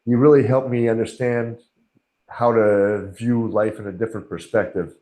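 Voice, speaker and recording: A man's voice: fairly low pitch, steady tone, normal speed, dark tone. A middle-aged man guest on a podcast, talking earnestly and candidly, often acting out his own inner voice in quotes. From Canada. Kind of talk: conversational interview. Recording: echoey room.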